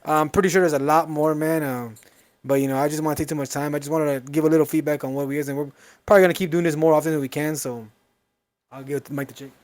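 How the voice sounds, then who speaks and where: Man, podcast host, casual chat, laid-back, fast, higher voice. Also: fairly even intonation. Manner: laid-back, chatty with filler words.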